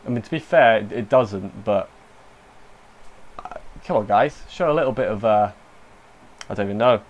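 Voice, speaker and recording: A man's voice: fairly low pitch, normal speed, lo-fi sound. A young man giving a casual spoken review of an anime episode, rambling and breaking off mid-sentence with emotional asides.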